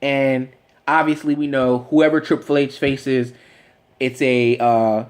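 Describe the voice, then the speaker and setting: A man vlogger rambling excitedly in casual fan commentary, with lots of fillers and restarts. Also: medium pitch, slow pace.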